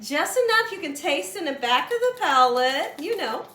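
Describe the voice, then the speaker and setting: Woman cooking show host, high voice, chatty, echoey kitchen. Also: sing-song, normal speed, sharp tone. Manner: chatty, coaxing, frequent "okay?" and "right?" check-ins. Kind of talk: home cooking demonstration. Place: home kitchen.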